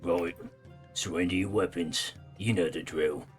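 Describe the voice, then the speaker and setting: Man playing a hulking barbarian brawler, gruff, slangy, low voice, faint music behind. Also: measured pace. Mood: menacing. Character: huge brawling male barbarian warrior, blunt and menacing.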